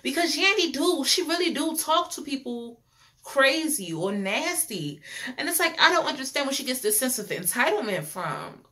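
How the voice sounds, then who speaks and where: A woman's voice: high-pitched, big pitch swings, moderate pace, bright, forceful tone. A young woman reviews a reality show in casual, opinionated chat, repeating phrases and laughing often.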